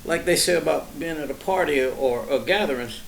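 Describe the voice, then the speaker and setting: A man's voice: on the high side, a little fast, gravelly, slight background noise, low-quality recording. A man co-hosting a podcast, speaking in a reflective, casual way and laughing easily. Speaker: podcast co-host.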